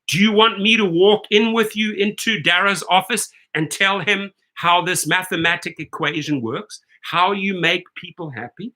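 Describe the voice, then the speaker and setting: Confrontational rant from a male video host with a high, tense voice who talks straight at the bosses, ends points with a "right?". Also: sharp tone, poor audio. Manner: confrontational, speaks straight to executives, keeps asking "right?". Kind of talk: ranting commentary vlog.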